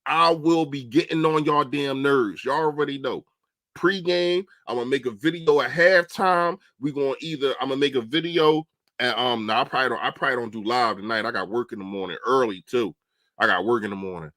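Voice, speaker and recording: Man, young adult, casual livestream football talk, animated, answers chat, dry sound. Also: medium pitch, fairly quick, no room sound. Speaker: livestream host.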